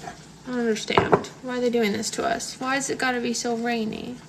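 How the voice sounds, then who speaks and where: A woman's voice: on the high side, little pitch movement, fairly quick, heavy background noise. A woman hosting a casual book club live stream from home, chatting as she answers her viewers' comments aloud. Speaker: book club livestream host. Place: at home, on the couch under a blanket. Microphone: phone on a tripod.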